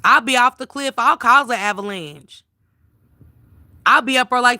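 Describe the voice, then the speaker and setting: A woman's voice: a little high, moderate pace, pauses often, pushed and bright, no room sound, clean studio sound. A woman hosting a casual livestream, reading viewers' comments aloud and chatting back to them by name.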